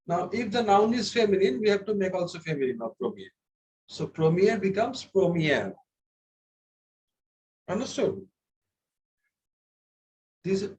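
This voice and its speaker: Slow, high-voiced teacher. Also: male voice, a little mellow, low-quality recording. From India. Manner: patient, repeats words and checks understanding. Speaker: French teacher. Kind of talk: classroom lesson.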